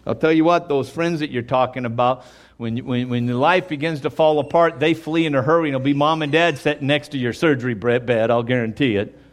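Speaking briskly in a mid-range voice, this preacher addresses his congregation head-on with real emphasis. When he quotes others, he occasionally acts out their voices in dialogue.

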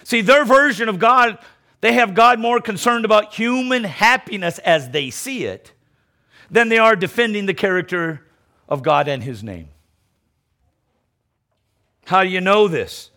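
A middle-aged man preaches at a measured pace with lively intonation and long pauses. Emphatic throughout, he moves between loud declarations and low mocking asides, often repeating words as he restarts.

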